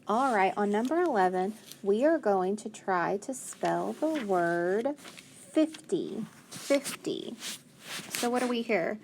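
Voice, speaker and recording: A woman teaching a phonics lesson to children, sounding out letters and words slowly and clearly. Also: mid-range voice, expressive, a little mellow, a little hiss or hum.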